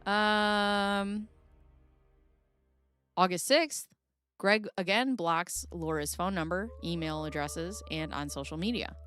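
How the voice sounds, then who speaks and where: A woman's voice: fairly low pitch, slow, long pauses, a bit bright, clean tone, soft background music. A woman hosting a casual reaction commentary, goofy and giggly, rambling as she reads through documents. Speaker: host.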